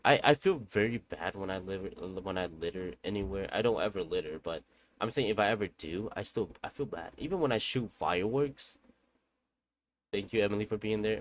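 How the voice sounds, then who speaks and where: A man's voice: fairly low pitch, a little hiss or hum. A man streaming a game who tells a long story in casual, rambling talk, with slang and swearing, addressing his viewers directly.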